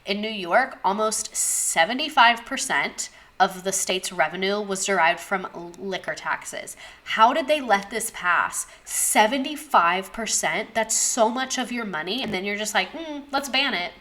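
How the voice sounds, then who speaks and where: A woman's voice: medium pitch, animated, unhurried, sharp tone. Young woman teaching history, chatty, sarcastic, swears a lot, goes off on tangents. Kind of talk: casual recorded history lesson.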